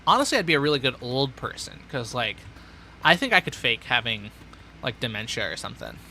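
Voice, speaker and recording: Brief: young male streamer, bright tone, rambling sardonic monologue over gameplay. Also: mid-range voice, big pitch swings, fairly quick, a little hiss or hum. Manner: rambling, sardonic, talks to himself. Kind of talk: casual gameplay chatter.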